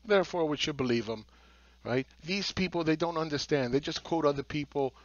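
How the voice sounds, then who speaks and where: A man's voice: fairly high pitch, brisk, no echo, highs cut off. Blunt sarcastic man with a dry sound. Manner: blunt, sarcastic, swears, mocks others in put-on voices. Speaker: market analyst. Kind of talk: market commentary monologue.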